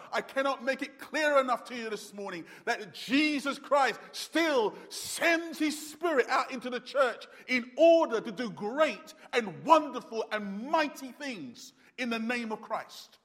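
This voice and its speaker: A man's voice: very high-pitched, fairly bright tone, in a large hall. A man preaching a sermon in an emphatic, repetitive, conversational manner with fillers.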